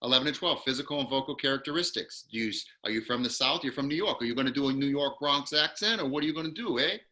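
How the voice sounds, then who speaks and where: A man teaching an online acting class, quickly and encouragingly walking a student through numbered steps over a video call. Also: mid-range voice, animated, sharp tone. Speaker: acting coach.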